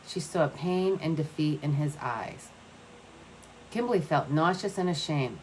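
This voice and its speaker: A woman's voice: deep voice, darkish tone, slight background noise, rough recording. A woman reading a novel aloud as narrator, with small slips and restarts. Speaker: audiobook reader. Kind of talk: scripted narration.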